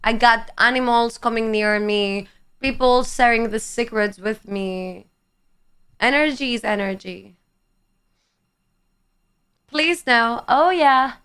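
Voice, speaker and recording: A woman's voice: fairly high pitch, fairly bright tone, clear, resonant tone. A woman in her twenties, a livestreamer chatting casually with her viewers and reading out their comments in a playful, teasing way, swearing freely.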